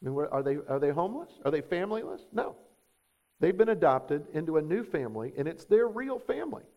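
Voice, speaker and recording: A pastor preaches in a fairly high voice, leaning on his words and throwing rhetorical questions at the room. The sermon recording sounds dull and lo-fi. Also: sing-song, fast talker.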